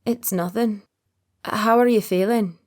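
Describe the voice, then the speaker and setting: A woman voicing a reserved man in his early thirties in an audiobook, speaking quietly and guardedly. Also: medium pitch, steady tone, voice pushed up, lightly acted. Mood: quiet, earnest. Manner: quiet, guarded, opens up slowly. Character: reserved thirty-one-year-old man, secret agent. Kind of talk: audiobook character voice.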